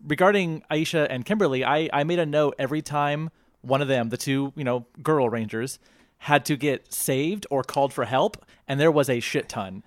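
Male co-host with a mid-pitched voice who acts out characters as he recaps scenes, in a dry room. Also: normal speed, no room sound. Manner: recounts scenes, acting out voices. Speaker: podcast co-host. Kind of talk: casual chat.

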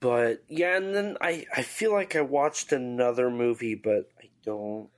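A worn-out man co-hosts a podcast in a mid-range voice, keeping a measured pace. The conversation is casual, and he keeps using fillers and starting his sentences over.

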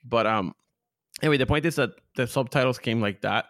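A man with a Spanish accent whose voice jumps from low to high as he tells crude, funny stories as a podcast guest. His tone is mid-pitched and the recording is dry and close, with no room sound at all. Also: a little fast, dry recording. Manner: animated storyteller, big pitch jumps, profane. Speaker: podcast guest, content creator. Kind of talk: casual interview chat.

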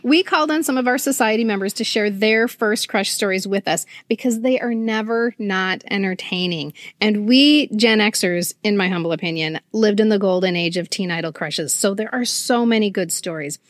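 A woman in her fifties hosting a podcast, animated and quick to exclaim. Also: mid-range voice, no echo. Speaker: podcast host. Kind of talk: casual podcast chat.

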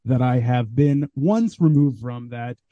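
A man who is a guest comedian on a podcast, chatting casually and telling animated stories, acting out what people said. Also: mid-range voice, measured pace, no room sound, muffled recording. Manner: animated storyteller, acts out quoted voices. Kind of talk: casual chat.

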